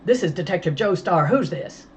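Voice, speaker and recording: A woman voicing a steady male police detective who speaks calm and businesslike. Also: on the low side, normal speed, a little hiss or hum, pitched above the performer's own voice, natural voice, poor audio.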